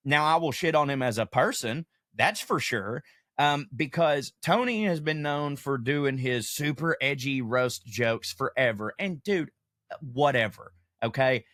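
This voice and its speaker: A male comedian hosting a podcast, ranting in an animated, profane way with comic asides. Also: medium pitch, dry recording, studio quality. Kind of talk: casual podcast monologue.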